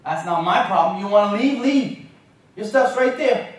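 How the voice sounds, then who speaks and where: A woman's voice: medium pitch, expressive, normal speed, voice pushed up, natural voice. A blunt, mocking mother, put on by a man in a raised voice, snapping at her son. Her words ring around a large, echoey hall, picked up from well back. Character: stern no-nonsense mother scolding her son. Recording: echoey lecture hall from far off.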